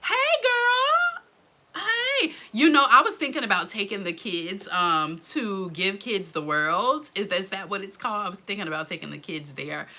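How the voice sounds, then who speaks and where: A woman's voice: medium pitch, bright, forceful tone. A woman hosting a casual live stream, chatting and greeting viewers by name. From Florida. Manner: chatty, greets commenters by name, says "girl" and "y'all".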